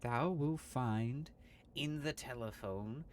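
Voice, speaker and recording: A man's voice: medium pitch, slow, darkish tone, slight background noise, lightly acted. A man voicing a fussy landlady who speaks in stilted, archaic language. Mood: prim. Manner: stilted archaic speech, thee and thou.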